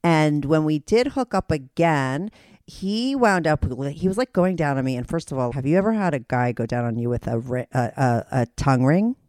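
A woman's voice: deep voice, moderate pace, dry recording, clean studio sound. Laughing, frank woman podcast host. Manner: laughing, animated storyteller, frank and profane. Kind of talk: candid casual chat.

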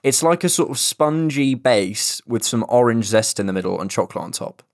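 A man's voice: medium pitch, lively intonation, normal speed, no room sound, studio quality. A young man co-hosting a casual podcast, chatty and rambling, swearing casually. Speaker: podcast co-host. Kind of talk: casual chat.

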